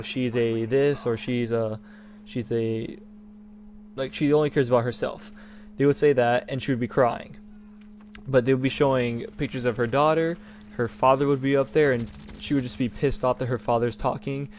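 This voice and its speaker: A man's voice: mid-range voice, a little mellow, a little hiss or hum. A young man hosting a gaming channel, talking in a rambling, indignant rant with many restarts. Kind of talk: casual opinion rant over gameplay.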